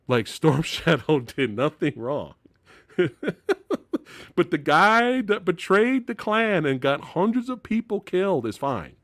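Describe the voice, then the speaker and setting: Male host, lively swooping delivery, exasperated profane movie rant, dry close sound. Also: fairly high pitch, unhurried, no room sound. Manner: animated, exasperated and profane, with frequent laughs. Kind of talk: casual live-stream movie rant.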